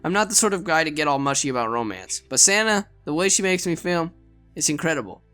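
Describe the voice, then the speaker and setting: A fast-talking man narrates a visual novel with earnest expression, now and then stumbling on a word. He has a bright voice that is slightly high for a man, and gentle music plays underneath.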